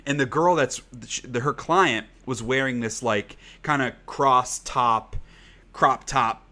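Speaking slowly in a bright, forceful, medium-pitched voice, a man co-hosts a podcast with loose, rambling chat. He curses freely and leans heavily on "like."

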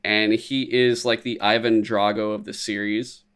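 A man chatting casually as a podcast co-host, animated and profane, acting out quotes in silly voices. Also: lowish voice, measured pace, clean tone. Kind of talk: casual chat.

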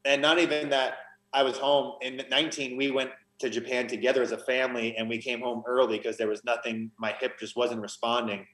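A man's voice: mid-range voice, level tone, a little fast, a bit bright, roomy sound, poor audio. A man, a podcast guest, telling his story in an earnest, emotional conversational way, often restarting his sentences. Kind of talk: conversational testimony.

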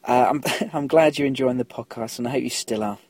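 Husky, chatty podcast host. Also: male voice, mid-range voice, a little fast, darkish tone, dry recording. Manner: chatty, laughs at his own slips. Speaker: podcast host reading listener emails. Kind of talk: casual podcast commentary.

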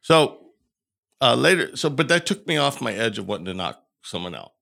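A man's voice: medium pitch, sing-song, moderate pace, creaky, bright, forceful tone. A man who is a podcast guest, telling a story in a casual way and acting out the dialogue he quotes.

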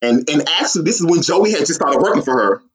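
Man, casual chat, excitable, acts out quotes, very lively pitch, laughs often. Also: fast, a little hiss or hum. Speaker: guest, superfan. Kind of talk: animated storytelling in casual chat.

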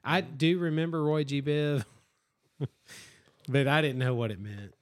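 A man's voice: on the high side, animated, a little slow. A man joking around in a casual chat between friends. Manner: joking banter.

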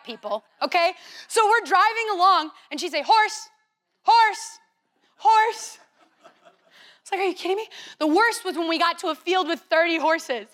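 A young woman youth leader telling a lively, chatty story to a youth group, playful and teasing. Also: extremely high pitch.

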